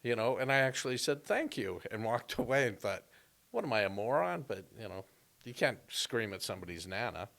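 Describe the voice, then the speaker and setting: Man, comedian, low voice, casual storytelling chat. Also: fairly quick, gravelly. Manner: storytelling, animated and joking. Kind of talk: casual podcast conversation.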